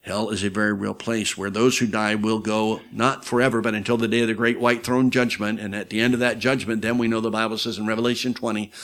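A man preaching a sermon, telling stories dramatically, swinging loud for quoted voices and dropping low for emphasis. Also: little pitch movement, fast, few pauses.

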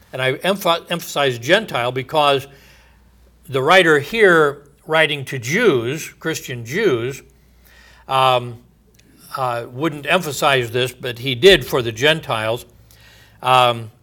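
Guy preaching slow, bright tense voice, reads bible verses with punch. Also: a little high. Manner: slow, reads scripture aloud with emphasis, many fillers. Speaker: Bible teacher. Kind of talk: sermon.

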